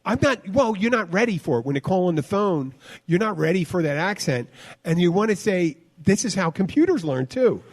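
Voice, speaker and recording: A man's voice: sits high, big pitch swings, a little fast. A middle-aged man, a bartender hosting a podcast, chatting casually and telling rambling stories with many restarts. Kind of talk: casual chat.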